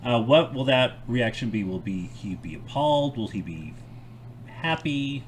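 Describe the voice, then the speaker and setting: A man hosting an improv show, giving drawn-out prompts. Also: medium pitch, expressive. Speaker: improv host. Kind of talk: casual chat. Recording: faint background noise.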